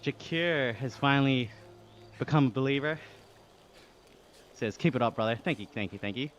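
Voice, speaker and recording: An Australian man with a lively, mid-range voice cycles on an indoor trainer during a livestream, reading chat aloud and thanking viewers between breathy efforts. He talks at a moderate pace; the highs are cut off and there's slight background noise.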